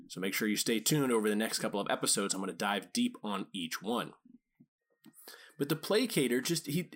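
Male podcast host, dog trainer, relaxed explainer, mid-pitch, conversational. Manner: casual, explanatory, acts out quoted speakers. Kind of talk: solo podcast talk.

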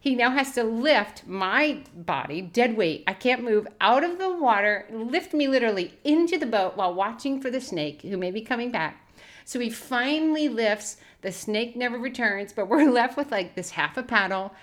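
Animated storytelling woman, higher voice. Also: normal speed. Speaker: podcast co-host. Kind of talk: casual storytelling chat.

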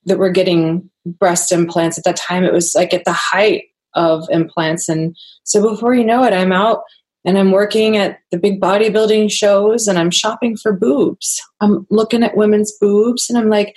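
A woman's voice: mid-range voice, flat delivery, moderate pace, a little mellow. Candid woman telling her story. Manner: candid, earnest, laughs often. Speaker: guest. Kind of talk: personal storytelling in a podcast interview.

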